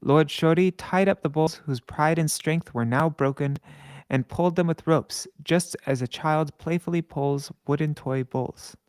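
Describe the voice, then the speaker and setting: A man reading scripture aloud with commentary. He chants verses slowly and stops to correct his own slips. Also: on the high side, darkish tone, clear, resonant tone, dry recording. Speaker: scripture reader.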